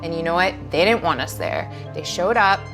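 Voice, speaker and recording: A woman's voice: fairly low pitch, animated, normal speed, over music. A young woman comedian casually telling a rambling story, with lots of fillers, restarts and giggles. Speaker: comedian guest. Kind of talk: casual storytelling while getting high.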